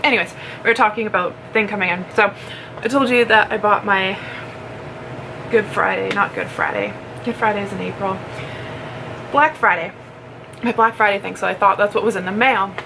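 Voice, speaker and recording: Woman vlogging at home, eating and rambling, mid-pitched voice, hiss in the background. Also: fairly even intonation, moderate pace, pauses often. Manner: eats snacks while talking, rambling and giggly. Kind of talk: casual chatty unboxing vlog. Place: home, indoors. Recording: clear background noise.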